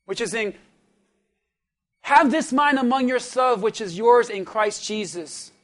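A man with a strikingly high voice preaches a sermon from the pulpit. He pulls the congregation into call-and-response and swings between hushed asides and shouted peaks. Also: animated, a little slow. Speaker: pastor.

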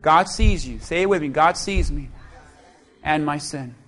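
A man's voice: on the high side, measured pace, fairly bright tone. A male pastor preaching a sermon in church, joking with the congregation and leading call-and-response. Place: church sanctuary.

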